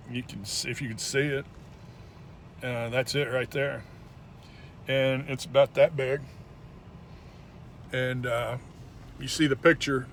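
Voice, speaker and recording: A man's voice: medium pitch, a bit bright, a little hiss or hum. A young man bluntly telling a personal story, with frequent swearing and emphatic retellings. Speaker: former indie wrestler.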